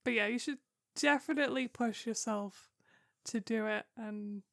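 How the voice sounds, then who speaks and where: A woman's voice: a little high, normal speed, vocal fry, no room sound, studio quality. A young woman co-hosting a podcast and talking as a game master, hesitant and full of "um"s. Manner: hesitant, with frequent "um"s and laughter. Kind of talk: casual chat.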